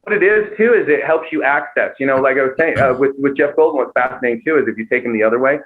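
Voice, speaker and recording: Animated man explaining voices on a tinny line. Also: medium pitch, fast talker. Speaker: comedian and impressionist guest. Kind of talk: casual podcast chat. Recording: tinny narrow-band sound.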